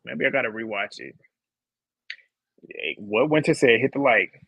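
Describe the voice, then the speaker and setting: A man's voice: medium pitch, animated, normal speed, gravelly, husky, dry recording, highs cut off. A man hosting a casual live reality show recap, blunt and laughing often. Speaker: host.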